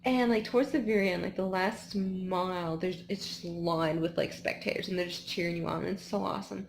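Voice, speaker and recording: A woman's voice: lowish voice, fairly even intonation, brisk, vocal fry, a little hiss or hum. A woman in her twenties chatting casually in a vlog after a race, tired and rambling with lots of "like" and restarts. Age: 20s. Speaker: vlogger.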